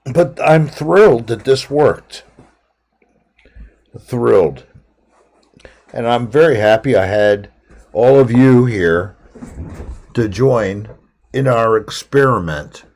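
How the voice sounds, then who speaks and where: A man's voice: mid-range voice, animated, slow, a little mellow. A man hosting a live stream, chatting casually and rambling from topic to topic with his viewers.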